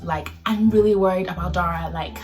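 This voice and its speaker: A man's voice: sits high, a little fast, a crowd in the background, natural voice. A woman doing a clingy, eager college guy. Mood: pleading. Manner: eager, overly familiar.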